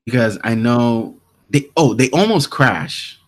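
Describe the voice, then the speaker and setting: A man's voice: medium pitch, expressive, slow pace. A man co-hosting a podcast, casually recapping a TV episode and talking through the scenes with many restarts. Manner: rambling recap with quoted lines and many restarts. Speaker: podcast co-host.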